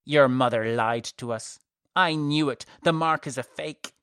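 A man voicing a scornful, haughty old woman who is a high priestess, speaking harshly and loudly with a sneer. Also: measured pace, no echo, clean studio sound, lightly acted.

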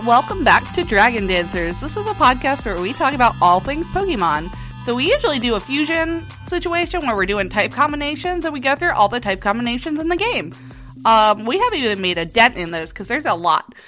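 A woman co-hosting a podcast in casual chat, talkative and jokey, her voice still a little rough after being sick. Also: on the high side, sing-song, fairly quick, fairly bright tone, soft background music. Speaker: podcast co-host.

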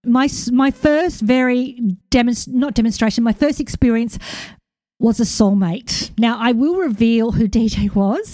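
A woman's voice: a little high, measured pace, warm tone, no room sound, studio quality. An Australian woman in her forties hosting a podcast, talking in a rambling, emotional, self-correcting way, a bit hyper after a walk. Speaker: podcast host. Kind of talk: casual monologue.

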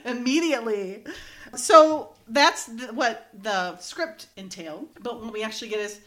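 A woman's voice: a little high, unhurried, fairly bright tone. Woman recapping a show, laughing. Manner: retells scenes, reads script lines aloud, laughs often. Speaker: podcast co-host. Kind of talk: casual episode recap chat.

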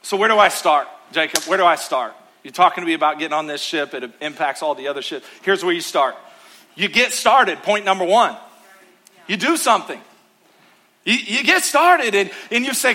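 A male pastor preaching a sermon in church, emphatic, with rhythmic repetition, swinging between loud calls and hushed asides. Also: high voice, lively intonation, moderate pace.

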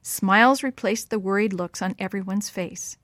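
A woman reading a Christmas story aloud to children, gentle and clear. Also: mid-range voice, normal speed, no echo, clean studio sound.

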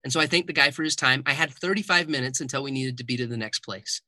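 A man's voice: medium pitch, fast talker, no room sound. A man, a guest author and speaker, telling stories in an interview and acting out the dialogue. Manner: animated storyteller who acts out quoted dialogue. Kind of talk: conversational interview storytelling.

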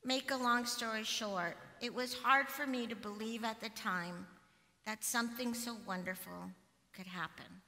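A middle-aged woman pastor giving a sermon, telling a personal story in a conversational, animated way. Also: a little high, unhurried. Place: church sanctuary. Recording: long hall reverb from a church.

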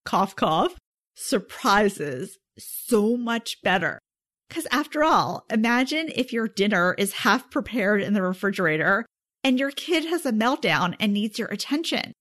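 A woman's voice: on the high side, a bit bright. Upbeat woman hosting a podcast. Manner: upbeat and effusive, talking straight to the listener. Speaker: podcast host. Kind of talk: solo podcast talk.

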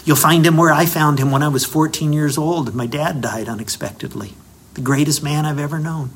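A middle-aged man, a pastor, giving a radio devotional sermon, telling the story with dramatic slowdowns for emphasis. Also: on the high side, slightly rough.

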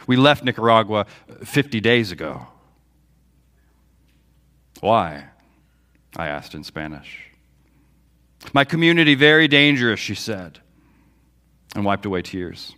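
A man's voice: lowish voice, fairly bright tone. Man preaching a story-driven sermon. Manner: storytelling preacher, quoting dialogue with feeling. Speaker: pastor. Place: church sanctuary.

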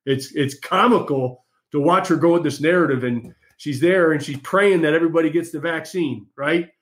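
A man's voice: a little high, moderate pace. A man hosting an opinionated political monologue, combative and mocking, talking straight to his listeners. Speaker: political commentary host.

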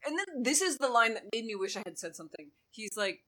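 A woman co-hosting a podcast, chatting casually and telling a story in an animated way, acting out quotes. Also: on the high side, fast talker, few pauses, rough recording. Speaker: podcast co-host.

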